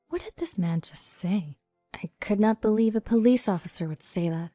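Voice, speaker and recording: A woman narrating a first-person story in an even, storytelling read. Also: medium pitch, a little fast, no echo. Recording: dry studio voice-over over soft music.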